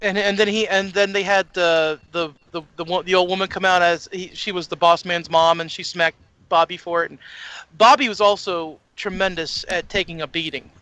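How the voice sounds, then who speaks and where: High bright-voiced excitable man. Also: moderate pace, clear, resonant tone, no echo. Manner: excitable, swears, repeats words. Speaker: podcast co-host. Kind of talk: casual wrestling chat.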